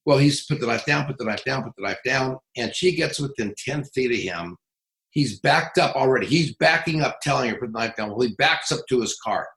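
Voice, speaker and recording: A middle-aged man working as a police trainer, telling stories in an interview in a blunt, profane, animated way. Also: medium pitch, a little fast, roomy sound, rough recording. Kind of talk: casual interview storytelling.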